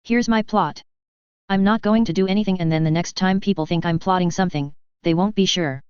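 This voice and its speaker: A proud young aristocrat speaking with lofty, pointed assurance, as a woman reads him. Her voice lifts higher for him and stays very clear. The recording is dry and slightly dull. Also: a little fast, darkish tone, no echo, close to an everyday voice.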